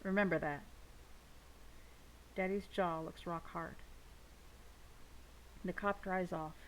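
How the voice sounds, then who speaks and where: Gravelly woman reading a novel aloud. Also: lowish voice, a little hiss or hum, rough recording. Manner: steady first-person narration. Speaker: audiobook reader.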